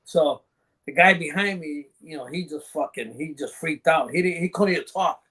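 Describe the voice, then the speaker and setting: A man's voice: fairly high pitch, normal speed, sharp tone, husky. A man on a podcast as a guest, telling rambling, profane anecdotes in casual chat and laughing along.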